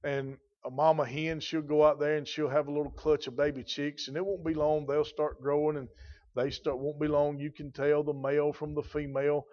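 A man's voice: a little high, level tone, normal speed, highs cut off. A man preaching a sermon in a folksy, emphatic way, his intensity rising and falling. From rural.

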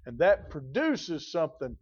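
A man's voice: on the high side, very animated, moderate pace, husky, muffled recording. A man preaching a sermon in a folksy, emphatic way, his intensity rising and falling. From rural.

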